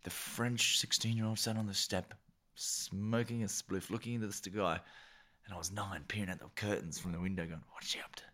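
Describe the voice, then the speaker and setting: A man co-hosting a podcast in casual chat, animated and joking, laughing often. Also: fairly low pitch, normal speed. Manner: animated, laughs a lot, plays with words. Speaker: podcast co-host.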